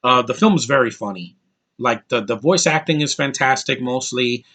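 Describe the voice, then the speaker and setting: A man's voice: medium pitch, normal speed, pushed and bright. Rambling, profane male movie reviewer. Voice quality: rambling, blunt and profane, with frequent restarts. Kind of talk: casual spoken movie review.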